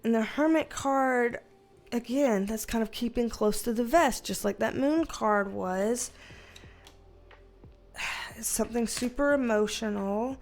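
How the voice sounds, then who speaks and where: A woman's voice: on the high side, unhurried, pauses often, darkish tone. A woman giving a casual tarot reading on video, chatty and emotional, rambling with many fillers. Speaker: tarot reader.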